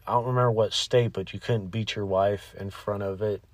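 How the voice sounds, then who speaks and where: A man co-hosting a podcast in casual chat, low-key and dryly self-deprecating. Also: steady tone, brisk. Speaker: podcast co-host. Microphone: studio microphone.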